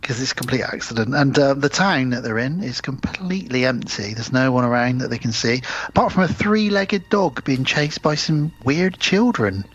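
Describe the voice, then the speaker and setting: A man co-hosting a podcast, calmly recapping a film in casual chat. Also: mid-range voice, moderate pace, hardly any pauses, breathy edge, dull audio. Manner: relaxed plot recap. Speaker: podcast co-host.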